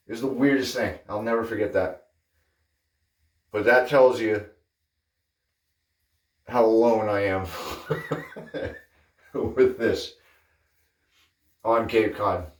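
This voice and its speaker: A man's voice: on the low side, takes it slowly, long pauses, far from the mic. A man hosting a wet shaving video, chatting casually and drifting off topic as he tells stories. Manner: chatty, digressive, animated when telling stories. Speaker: wet shaving channel host. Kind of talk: casual rambling chat. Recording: roomy sound from off-mic.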